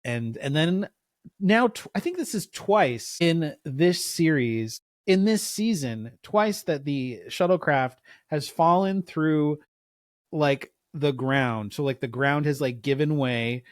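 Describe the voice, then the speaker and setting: A man's voice: fairly high pitch, lively intonation, slow, dry recording. Rambling podcast guy with a dry sound. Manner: rambling, lots of fillers, laughs at his own jokes. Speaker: podcast co-host. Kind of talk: casual chat.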